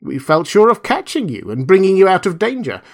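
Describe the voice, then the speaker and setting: Man reading as a cool mad scientist, measured and persuasive, lively pitch. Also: full character voice. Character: cold, steady male mad scientist.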